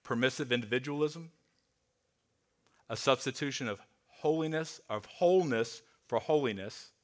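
A man, a pastor, preaching a sermon in an earnest way, slowing and dropping soft on key words. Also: medium pitch. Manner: earnest, slows and drops softly on key words; repeats words while restarting.

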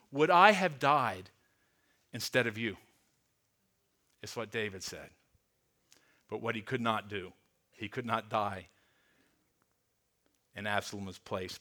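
A man, a pastor, preaching a sermon in an earnest way, slowing and dropping soft on key words. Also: medium pitch. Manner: earnest, slows and drops softly on key words; repeats words while restarting.

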